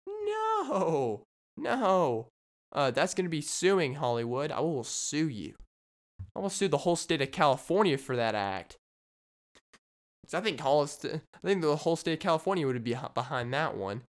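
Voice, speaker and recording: Rambling jokey man with a smooth voice. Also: a little high, lively intonation, moderate pace. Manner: rambling, jokey, riffs on silly ideas. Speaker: podcast host. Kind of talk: solo comedic podcast monologue.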